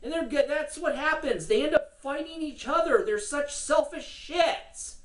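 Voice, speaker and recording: A woman's voice: sits high, a little slow, recorded from a distance. A woman giving casual, sarcastic political commentary, cursing and laughing as she rants. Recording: roomy echo, from the mic, faint noise.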